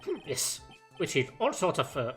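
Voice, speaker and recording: Brief: rambling, scatterbrained old doctor, put on by a game streamer, silly exaggerated voice, lively pitch, soft music under it. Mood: evasive. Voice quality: wacky exaggerated crackhead voice. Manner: hums and mutters between halting answers. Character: eccentric old male clinic director, rambling and dim. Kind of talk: voice-acting game dialogue on a stream.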